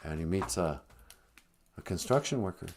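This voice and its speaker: A man telling a comic story on a live stream, rambling with deadpan asides. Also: low-pitched, normal speed, a little hiss or hum.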